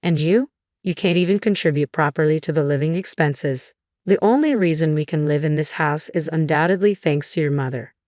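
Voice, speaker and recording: A contemptuous, domineering husband barks orders and insults, as a woman reading the story plays him. The voice sits low and deep, recorded dry and close with no room sound. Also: brisk, no echo, close to an everyday voice. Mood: scornful. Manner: yelling, contemptuous. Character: bossy, insulting middle-aged husband.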